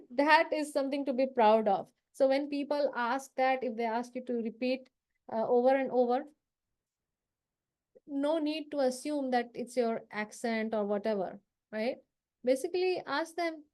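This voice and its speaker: This is a live confidence workshop led by a South Asian woman whose voice sits high and a little mellow, at a moderate pace. She talks conversationally, acts out short lines from the workplace, and checks with her audience for agreement as she coaches.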